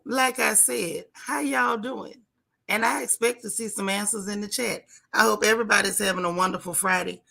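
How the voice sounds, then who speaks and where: Gravelly, bright-voiced woman livestream host. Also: medium pitch. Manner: warm, chatty, Southern-Black-American vernacular, stretches greetings. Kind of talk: casual livestream chat greeting viewers.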